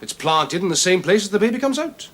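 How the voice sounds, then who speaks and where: An actor playing a gentle, patient older brother in a 1970s television period drama. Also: male voice, high-pitched, big pitch swings, fairly quick, heavily acted. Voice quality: gentle, coaxing.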